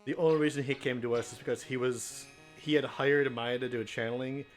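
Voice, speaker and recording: A man's voice: mid-range voice, steady tone, fairly quick. A man chatting casually and joking while playing a game with friends. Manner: joking, laid-back. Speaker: let's play co-host. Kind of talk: casual chat over a game. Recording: music under voice.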